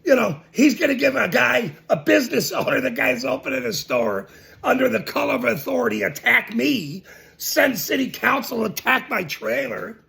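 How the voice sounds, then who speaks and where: A man's voice: very high-pitched, very animated, normal speed, vocal fry, pushed and bright. A man ranting to camera, mocking and laughing between his lines and repeating his points emphatically. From Ireland. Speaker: citizen journalist.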